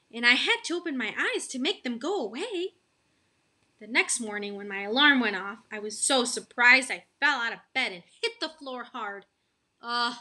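A woman's voice: fairly high pitch, bright, forceful tone. A woman reading a children's chapter book aloud, asking her young listeners questions.

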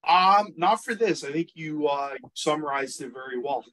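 Male guest on an online panel, fairly high-pitched, answers briefly with pauses. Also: lively intonation, fairly bright tone. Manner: brief, hesitant replies. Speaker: guest from test provider. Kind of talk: webinar guest remarks.

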